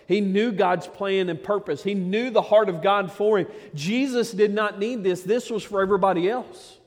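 A pastor preaching a sermon, fervent and emphatic, addressing the congregation directly. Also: male voice, high-pitched. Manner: fervent, emphatic preaching with many "man" interjections. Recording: long hall reverb.

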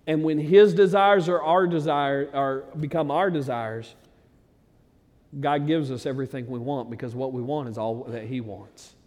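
A man preaching a sermon, talking plainly to his flock, then building to loud, excited peaks. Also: mid-range voice, normal speed, long reverb tail. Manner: conversational preaching that swells to loud, excited climaxes. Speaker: pastor.

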